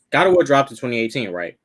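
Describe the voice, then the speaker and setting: A man's voice: medium pitch, sing-song, normal speed, a bit bright, slightly rough. A man in casual gaming chat, talking loosely with repeats and informal grammar. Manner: loose, repetitive, says "they was".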